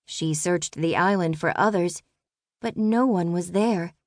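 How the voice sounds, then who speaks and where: A woman narrating a children's audiobook in a calm, measured way. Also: fairly low pitch, no room sound, studio quality.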